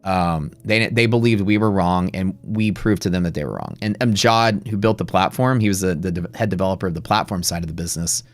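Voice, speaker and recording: A man's voice: deep voice, animated, brisk, few pauses, no room sound, soft background music. A middle-aged man hosting a live day-trading stream, telling a story in a blunt, profane, rambling way with many restarts.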